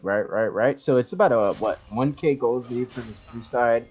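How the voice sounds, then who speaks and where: A play-by-play caster giving live esports commentary, excitable and self-deprecating, with a lingering cough from being under the weather. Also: mid-range voice, normal speed, breathy edge, soft background music.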